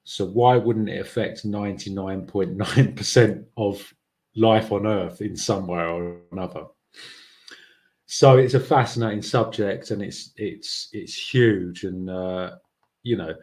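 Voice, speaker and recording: A man's voice: fairly low pitch, measured pace. A man hosting a podcast, talking casually and thinking aloud, with frequent fillers and restarts. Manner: musing, with many fillers and restarts. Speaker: podcast host. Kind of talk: casual monologue.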